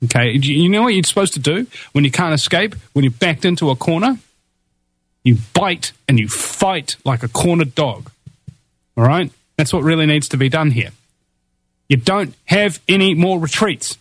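Emphatic New radio host. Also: male voice, a little high, animated, breathy edge, dry recording. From New Zealand. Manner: halting, many fillers and restarts, rising to emphatic preaching. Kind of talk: impassioned political talk.

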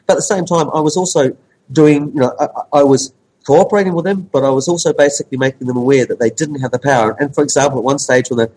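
A journalist man in casual chat, telling a story with lively animation. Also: medium pitch, quick pace, breathy edge, poor audio.

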